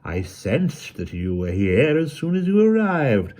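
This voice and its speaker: A man voicing a vengeful evil sorcerer overlord with a harsh, grating, slow and gloating voice. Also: medium pitch, sing-song, mellow, pitched above the performer's own voice.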